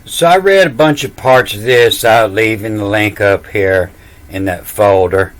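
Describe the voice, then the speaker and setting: A man with a deep, low voice gives a casual lecture, spelling out letters one at a time. He moves slowly and sounds sure of himself, brushing off other teachers. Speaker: self-taught scripture reader.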